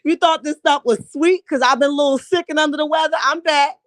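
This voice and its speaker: A woman quoting a defiant, boastful woman taunting a rival, loud and brash. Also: sits high, steady tone, fast talker, no room sound, studio quality, voice pushed up, close to an everyday voice.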